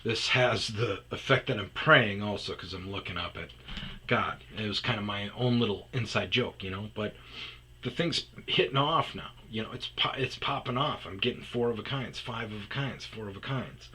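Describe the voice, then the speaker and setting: A man's voice: lowish voice, moderate pace, sharp tone, slight background noise, poor audio. A man hosting a podcast, rambling through a personal story and trailing off into mumbles. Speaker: podcast host.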